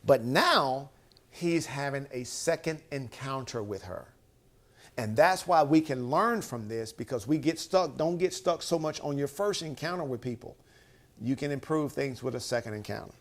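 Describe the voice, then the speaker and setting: A man's voice: mid-range voice, lively intonation, normal speed. A male motivational speaker giving a conversational Bible teaching, emphatic and repeating phrases with frequent "right?" checks.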